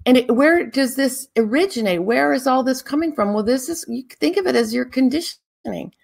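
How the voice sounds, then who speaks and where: A woman hosting a spiritual talk show, guiding listeners in a calm, drawn-out, meditative way. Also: sits high, gravelly. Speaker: spiritual teacher and show host.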